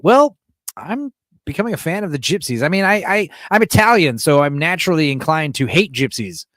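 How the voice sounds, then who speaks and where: In a mid-range voice, an American man rambles and swears his way through a casual livestream, reading viewers' chat messages aloud and answering them with animation. The sound is clean and studio-like, with no room sound.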